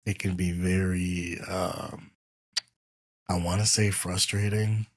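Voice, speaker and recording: A man's voice: deep voice, flat delivery, takes it slowly, breathy edge, no echo. A man from the US East Coast hosting a casual interview, talking in an easygoing, rambling way with frequent fillers. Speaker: podcast host.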